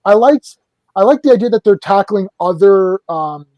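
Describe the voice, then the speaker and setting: A man's voice: high-pitched, expressive, moderate pace, dark tone, dry recording. A man co-hosting a casual film discussion, rambling and hesitant with many fillers. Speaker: podcast co-host.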